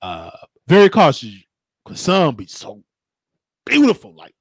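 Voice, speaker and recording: A man hosting a talk show, telling stories in a casual, slangy, animated monologue. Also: a little high, a little slow, slightly rough, no room sound. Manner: animated, slangy, acts out quotes.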